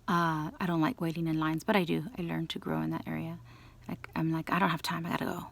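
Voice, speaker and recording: Woman with a gravelly edge rambling thru a story, doing everyone's lines, lots of restarts. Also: low-pitched, fast talker. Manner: rambling, animated retelling with quoted dialogue; restarts and trailing asides. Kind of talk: casual storytelling monologue.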